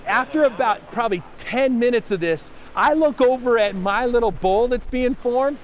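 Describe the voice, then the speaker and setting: A pastor telling a personal story in a sermon, lively at times and quiet and prayerful at others. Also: male voice, very high voice, normal speed, a little hiss or hum.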